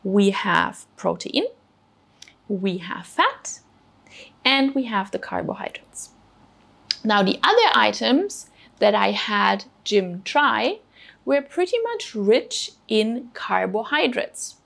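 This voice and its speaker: A woman's voice: mid-range voice, big pitch swings, slow pace, vocal fry, fairly bright tone. A woman presenting a children's cooking show, explaining food patiently and encouraging the kids step by step. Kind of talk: teaching children about food.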